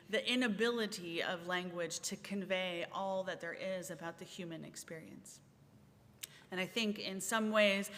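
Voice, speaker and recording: A woman minister leading a service, speaking in a slow, measured, meditative way with long pauses. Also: fairly bright tone. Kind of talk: sermon and guided centering. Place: large church sanctuary. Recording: reverberant sanctuary, faint rumble.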